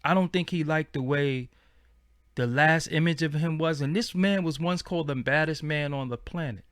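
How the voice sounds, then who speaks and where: A man's voice: on the high side, moderate pace, fairly bright tone, clear, resonant tone, no room sound, clean studio sound. A man, hosting a casual livestream and chatting in a slangy, rambling way. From Brooklyn, New York. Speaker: channel host.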